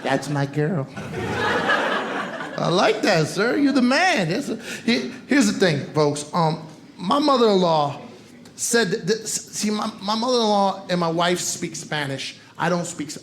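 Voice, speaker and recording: A high-pitched man delivers a stand-up set and ribs the crowd in quick, punchy bursts. His voice rings through a roomy club, with crowd noise and laughter clearly audible behind him. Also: very animated, a bit bright. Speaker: stand-up comedian. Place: comedy club stage. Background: audience laughter.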